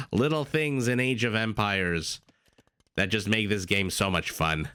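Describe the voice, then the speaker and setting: Low-voiced excitable game caster. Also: male voice, clear, resonant tone, no room sound. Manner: excitable, quick asides and self-corrections. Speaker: esports caster. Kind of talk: live play-by-play commentary.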